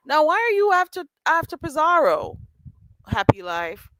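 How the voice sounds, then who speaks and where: On her casual livestream, a woman reads the chat, teases viewers by name and laughs often. Her high voice is very animated, yet she talks slowly with frequent pauses. The streaming mic picks up no room sound, and the audio quality is poor.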